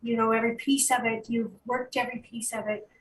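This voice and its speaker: A woman's voice: fairly high pitch, little pitch movement, a little fast. Earnest woman councilor in an echoey room. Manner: earnest, heartfelt. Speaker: city councilor. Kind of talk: tribute at a council meeting. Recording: echoey audio from far off the mic, faint noise.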